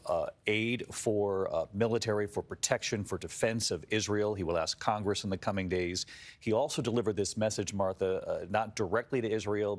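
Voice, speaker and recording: Low-voiced guy anchoring live tv news, calm recap style. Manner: measured, summarizing.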